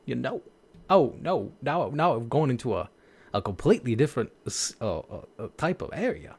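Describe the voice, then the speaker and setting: A man's voice: mid-range voice, big pitch swings, moderate pace, breathy edge. A young man talks loosely to his viewers in a mid-range voice, filling his sentences with "like" and trailing off into self-deprecating laughs. The tone is unpolished, casual chat. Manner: rambling, heavy use of "like", laughs at himself. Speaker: voice actor streamer.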